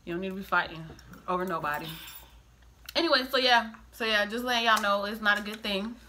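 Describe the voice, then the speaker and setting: A middle-aged woman telling a story in a casual chat with her daughter, animated and acting out the quoted voices. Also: mid-range voice, fairly quick, a little hiss or hum. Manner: animated, acts out quoted voices, breaks into laughter. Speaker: storyteller, the host's mother.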